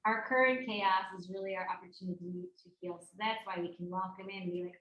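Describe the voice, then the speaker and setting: A woman's voice: mid-range voice, normal speed. Chatty woman presenter in a roomy space. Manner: conversational, acts out quoted voices. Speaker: workshop presenter. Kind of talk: live workshop talk. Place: workshop room at a yoga studio. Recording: roomy echo.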